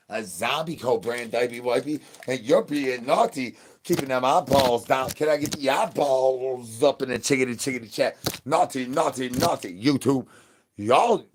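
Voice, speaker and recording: A man hosting a comedic livestream in a zombie persona, chanting sing-song rhyming nonsense, boasting crudely and begging loudly for brains. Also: mid-range voice. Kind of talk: in-character comedic livestream chatter.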